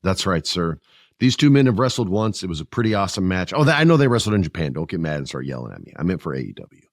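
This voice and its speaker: Brief: male podcast host, lower-pitched voice, joking and animated, dry close mic. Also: fast, dry recording. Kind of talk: casual wrestling chat.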